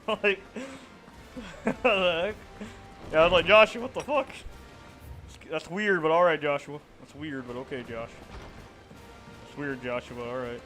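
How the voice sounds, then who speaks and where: A man's voice: fairly high pitch, steady tone, measured pace, long pauses, a bit bright, soft background music. Profane, laughing young male streamer. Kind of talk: casual gameplay commentary.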